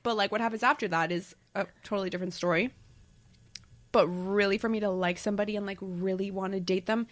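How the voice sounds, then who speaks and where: A woman guest on a podcast talks in a mid-pitched voice, candid and playfully dramatic, and makes her feelings sound bigger for effect. Her tone stays easy and conversational throughout. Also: steady tone, fast. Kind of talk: casual chat.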